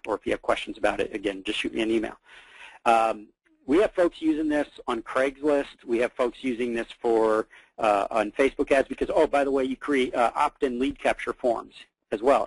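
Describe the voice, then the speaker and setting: A man hosting a webinar, talking casually through a software demo, repeating words and calling his listeners guys. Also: mid-range voice, breathy edge, dry recording, low-quality recording. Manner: casual, repeats himself, many fillers, addresses listeners as guys. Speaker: webinar host.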